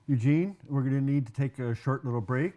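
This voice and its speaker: A man hosting a community television interview, measured, summing up his guest's points. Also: mid-range voice, warm tone. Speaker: host.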